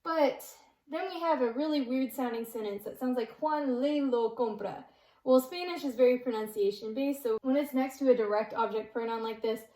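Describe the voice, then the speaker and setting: A young woman tutor with a slightly high voice talks through a grammar lesson patiently, step by step. She slows right down to spell out each example, and the room around her rings with echo. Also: dark tone. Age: young adult.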